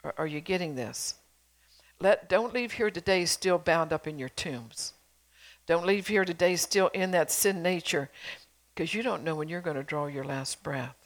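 A middle-aged woman preaches a sermon in a somewhat low voice. She presses her congregation with earnest exhortations and rhetorical questions, like a pastor urging her flock. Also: moderate pace.

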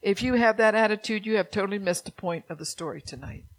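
A middle-aged woman pastor preaching a sermon, earnest and direct with her congregation, dropping soft and low at times and rising to urgent exhortation. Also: fast, low-quality recording. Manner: addresses the congregation directly with "church" and "amen".

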